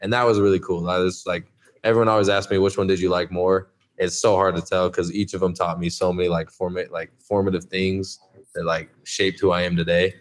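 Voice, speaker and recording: A man in his twenties, a podcast guest, chatting in a relaxed way and often saying "like". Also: low-pitched, fairly quick. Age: 20s. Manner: relaxed, lots of "like" fillers. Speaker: podcast guest, college athlete. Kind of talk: casual interview chat.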